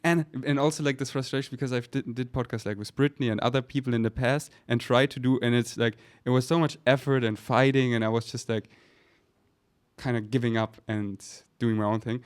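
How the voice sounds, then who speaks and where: German guy rambling on his podcast, lots of "like", animated, normal pitch. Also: brisk, clear, resonant tone. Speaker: podcast host. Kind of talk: casual podcast chat.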